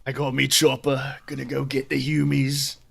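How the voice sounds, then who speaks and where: A man putting on the voice of a brutish orc warrior, rough and slurring like a thug. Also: mid-range voice, monotone, moderate pace. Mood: gruff. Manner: rough, slurred tough-guy talk.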